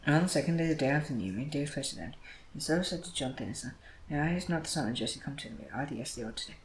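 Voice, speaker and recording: Guy reading the bible out loud real fast, trips over words and backs up, faint hum behind. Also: on the high side, animated, rough recording. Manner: quick reading with frequent stumbles and restarts. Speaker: Bible reader. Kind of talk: reading scripture aloud.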